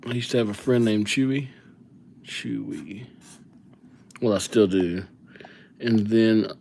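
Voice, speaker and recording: A man chatting casually and joking at his own expense on a live calligraphy stream, dropping to soft murmurs as he writes. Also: medium pitch, unhurried, creaky, pauses often, a little hiss or hum. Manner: chatty, self-mocking, drops to soft murmurs while writing. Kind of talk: casual live-stream chat while writing.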